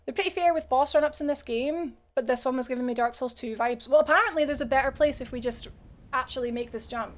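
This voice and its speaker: A woman's voice: high-pitched, quick pace. A young Scottish woman streaming a game, chatting casually with her chat and laughing often. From Scotland.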